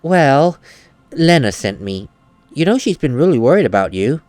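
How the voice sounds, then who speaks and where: A man's voice: medium pitch, big pitch swings, normal speed, darkish tone, no echo, faint music behind. A young man playing a video game, chatting and giggling while reading lines aloud. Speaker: let's play gamer. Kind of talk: casual game commentary.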